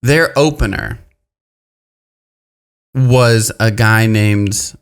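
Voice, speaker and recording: A man hosting a casual podcast, telling stories in an animated way and restarting his sentences as he goes. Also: fairly low pitch, very slow, vocal fry, clear, resonant tone. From Pacific Northwest, US. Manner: animated storyteller, trailing restarts. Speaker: podcast host. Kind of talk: casual chat, storytelling.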